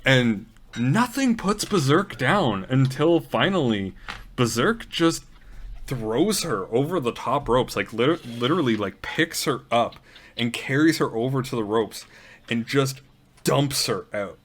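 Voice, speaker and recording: A man's voice: medium pitch, lively intonation, measured pace. A man narrating as game master in a tabletop role-playing game, telling scenes loosely with plenty of ums and likes. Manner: loose, filler-heavy retelling with many ums and likes.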